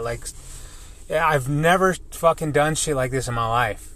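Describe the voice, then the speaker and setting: A man's voice: fairly high pitch, moderate pace, a bit bright, slight background noise. A man in his thirties, a welder, venting in a rambling casual monologue full of swearing and fillers. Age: 30s. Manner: frustrated, venting.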